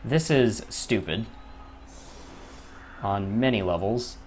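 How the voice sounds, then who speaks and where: A man's voice: lowish voice, animated, slow, a little mellow, slight background noise. A young man commentating his own gameplay, often frustrated, swearing and muttering to himself. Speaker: gaming YouTuber.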